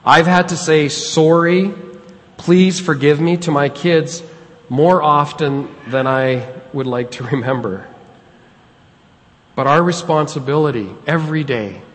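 A middle-aged man preaching a sermon as pastor, earnest and conversational, with pauses for effect. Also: a little high, fairly bright tone. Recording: long hall reverb.

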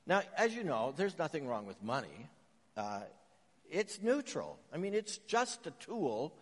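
A man from Canada delivers a sermon in an earnest, storytelling manner. His voice sits a little high, and his questions climb with emphasis. The words trail into a long reverb, as in a large hall. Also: sing-song, measured pace, slightly rough. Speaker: pastor.

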